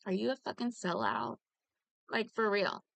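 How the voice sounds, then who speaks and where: A woman's voice: mid-range voice, normal speed, vocal fry, fairly bright tone, dry recording. A woman ranting heatedly in casual talk, rambling and swearing, with many "like"s, addressing a fellow commentator. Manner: heated, rambling, profane, full of "like". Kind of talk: casual direct-to-camera rant.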